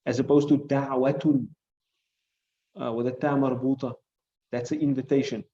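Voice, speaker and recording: A man's voice: medium pitch, flat delivery, normal speed, dark tone. Patient man teaching a class, dull recording. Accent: South African. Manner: explains patiently, repeats key points, checks understanding with "right?". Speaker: Islamic studies teacher. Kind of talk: classroom lesson on hadith and Arabic grammar.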